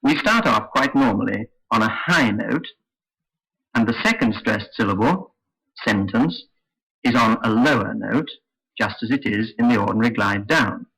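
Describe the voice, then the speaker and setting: A man teaching English intonation in a slow, careful, scripted lesson. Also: lowish voice, lively intonation, creaky, a bit bright, slightly rough, poor audio. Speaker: phonetics teacher. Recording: old lesson recording.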